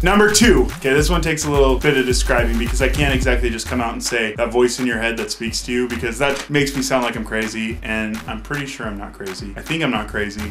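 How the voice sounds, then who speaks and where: A man in his thirties telling random stories about himself to camera in a chatty, joking way. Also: mid-range voice. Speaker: vlogger. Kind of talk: casual to-camera vlog.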